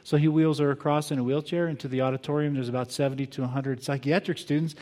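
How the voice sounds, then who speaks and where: An older man preaching a sermon as pastor, earnest and reflective, moving between quiet pauses and emphatic bursts. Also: mid-range voice, steady tone. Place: church sanctuary. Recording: long hall reverb.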